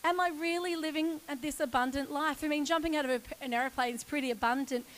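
A woman in her forties telling a lively personal story in a sermon, laughing often. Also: high-pitched, fast talker, poor audio. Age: 40s. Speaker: church speaker.

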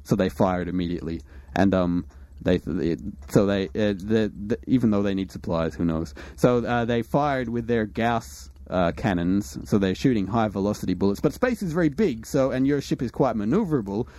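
A man's voice: fairly low pitch, moderate pace, few pauses, darkish tone, no room sound. A man narrating a tabletop game as game master, rambling with many fillers.

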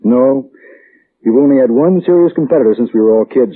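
An actor playing a patient, gently mocking father in a 1940s radio drama, heard on an old tinny broadcast. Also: mid-range voice, brisk, husky, close to an everyday voice. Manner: dry and indulgent, gently mocking. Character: patient, teasing middle-aged father.

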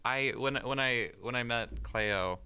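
A woman's voice: rumbling low, measured pace, pushed and bright, clean tone. A young woman in casual chat, playful and teasing, giggling as she talks.

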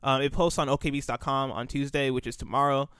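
Laid-back man, smooth and dry. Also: medium pitch, fairly even intonation, quick pace, a bit bright, no echo. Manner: rambling, filler-heavy, laid-back. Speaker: podcast co-host. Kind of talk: casual podcast chat.

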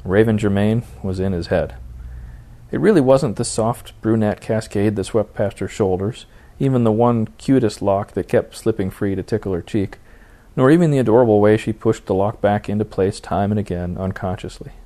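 Man narrating a novel, low and warm. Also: moderate pace. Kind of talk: audiobook narration.

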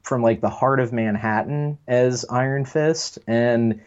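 A man's voice: medium pitch, steady tone, unhurried, darkish tone, clean tone, dull audio. A man from the United States co-hosting a podcast, chatting casually and rambling through strong opinions with some self-deprecation. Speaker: podcast co-host. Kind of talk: casual chat.

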